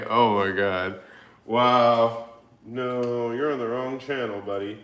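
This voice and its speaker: A man's voice: medium pitch, steady tone, slow, a bit bright. A man hosting a livestream, chatting casually and reading viewer comments in a laid-back, joking and profane way. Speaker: livestream host. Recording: echoey room.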